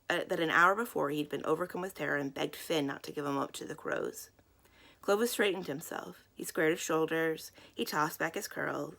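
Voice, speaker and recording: A woman's voice: sits low, creaky, fairly bright tone. A woman librarian reading a children's novel aloud, giving the characters their own voices. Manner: acts out the characters' lines in voices. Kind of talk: children's book read-aloud.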